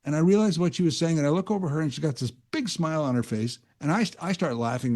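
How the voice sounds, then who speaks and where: A man hosts talk radio, his voice dark and mellow as he drifts through a casual, rambling monologue. He talks like a self-aware storyteller, admitting he's wandering off track. He sits close to a studio microphone. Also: fairly high pitch, animated, a little fast, few pauses. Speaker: guest radio host.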